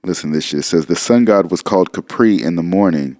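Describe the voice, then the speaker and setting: A man's voice: sits low, quick pace, a little mellow, no room sound, studio quality. A man giving a casual, profane lecture on old texts, reading passages aloud and musing bluntly as he goes. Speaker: occult lecturer.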